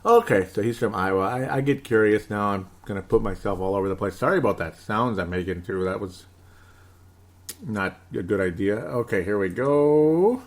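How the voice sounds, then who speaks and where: A man in his thirties hosting a casual sports podcast, excitable and rambling, reading out listener comments. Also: on the low side, brisk. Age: 30s. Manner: hyper, excitable, rambling with laughs. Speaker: podcast host.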